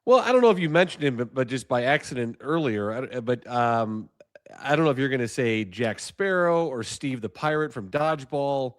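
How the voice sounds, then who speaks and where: Male co-host, mid pitch, dry close sound, curious and chatty. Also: lively intonation, moderate pace, no echo. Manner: curious, asks questions. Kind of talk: casual podcast chat.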